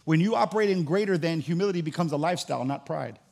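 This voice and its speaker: A man with a high, gravelly voice preaches a sermon with fervor. He swings between loud, ringing calls and quiet, hushed asides. His delivery stays lively and full of conviction. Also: very fast. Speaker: pastor.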